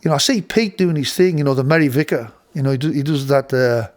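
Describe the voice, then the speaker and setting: A man's voice: mid-range voice, fast talker. A middle-aged man, telling a rambling studio story with many restarts and playful voice impressions. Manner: rambling, full of restarts, mimics voices with laughter. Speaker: host. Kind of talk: casual storytelling.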